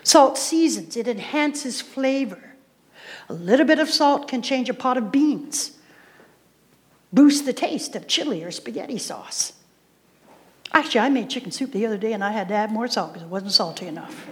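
A woman's voice: a little high, expressive, moderate pace. A woman preacher giving a sermon, emphatic, repeating key phrases and putting questions to the congregation. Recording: reverberant hall sound.

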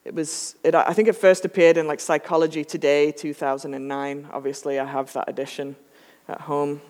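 A pastor preaches in an easy, conversational way, slipping in wry jokes as the sermon goes. The voice sits at a middling pitch and rings out with the long reverb of a church sanctuary. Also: brisk. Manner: relaxed, chatty, joking asides.

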